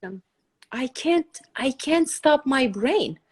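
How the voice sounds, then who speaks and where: A middle-aged woman hosting a podcast, talking in a blunt, excitable, self-mocking way in casual chat. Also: sits high, slow pace, breathy edge. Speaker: host.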